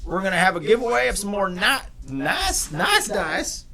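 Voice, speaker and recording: A man hosting a tabletop game livestream, making playful, excitable announcements. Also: sits high, normal speed, creaky, crowd noise. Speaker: host.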